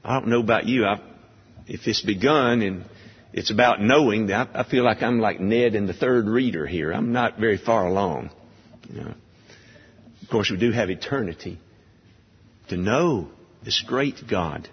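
A man preaching a sermon in a church, slow and emphatic, lifting his voice high on key words. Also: breathy edge. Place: church sanctuary. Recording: dull long-reverb church hall sound.

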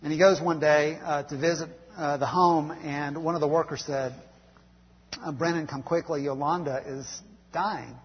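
Soft, halting male preacher in a hall. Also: fairly high pitch, fairly even intonation, slightly rough. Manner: soft-spoken, halting with fillers, drops to quiet on tender lines. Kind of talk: sermon with storytelling. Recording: dull hall sound with faint hum.

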